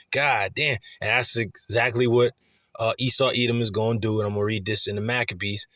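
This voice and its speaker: A man's voice: lowish voice, fairly even intonation, brisk, sharp tone, dry recording. A man preaching scripture in blunt, crude street slang, heated and loose with many fillers. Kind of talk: profane street-style scripture teaching.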